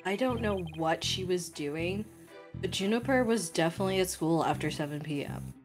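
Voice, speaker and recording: A woman reads out a haughty young man on the witness stand, aloof and condescending. The voice sits fairly low for her, with faint game music beneath. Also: normal speed, lightly acted. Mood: cold. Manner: cold, condescending. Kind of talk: voicing game dialogue on a stream.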